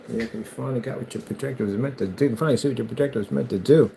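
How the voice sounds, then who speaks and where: Male vlogger, gravelly, excitable and rambling, faint background noise. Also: medium pitch, rapid-fire, hardly any pauses, rough recording. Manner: hyped, rambling, self-promoting. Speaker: DIY builder. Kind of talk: casual build vlog.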